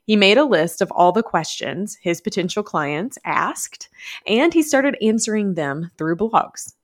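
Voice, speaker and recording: A woman's voice: mid-range voice, lively intonation, a little slow. A woman with a Southern US accent hosting a podcast, talking chattily and upbeat and laughing often. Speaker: podcast host. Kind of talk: podcast monologue.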